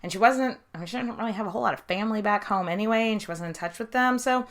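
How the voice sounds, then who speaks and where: A woman's voice: medium pitch, very fast. A woman co-hosting a podcast, adding wry, sarcastic commentary to a history story. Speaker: podcast co-host. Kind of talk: casual chat.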